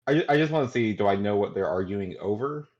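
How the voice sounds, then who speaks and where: Male player, lowish voice, eager and stumbling, muffled lo-fi sound. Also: animated, quick pace, a little mellow. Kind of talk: playing a character in a tabletop game. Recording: dull, lo-fi audio.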